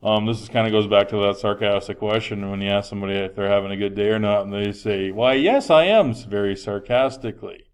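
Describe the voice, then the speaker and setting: A man's voice: fairly low pitch, level tone, fast, hardly any pauses, smooth. Man lecturing a health class. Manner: conversational, frequent um fillers, projecting voice. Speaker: health teacher.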